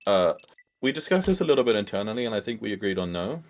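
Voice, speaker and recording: A man's voice: lowish voice, sing-song, quick pace, faint music behind. A man on a game team's livestream, reading out viewer questions and answering earnestly with restarts. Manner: earnest, restarts sentences, reads questions aloud. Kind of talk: casual livestream chat.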